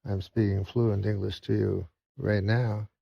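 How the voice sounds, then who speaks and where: A man voicing a quiet, dignified old shopkeeper who speaks in a measured way. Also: fairly low pitch, level tone, creaky, husky, no room sound, lo-fi sound, heavily acted.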